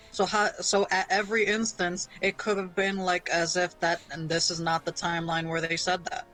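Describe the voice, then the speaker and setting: A man's voice: sits high, flat delivery, normal speed, few pauses, bright, forceful tone, faint music behind, poor audio. A man playing in a tabletop game, chatting casually and cracking jokes. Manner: joking, wisecracking. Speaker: player. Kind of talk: casual chat.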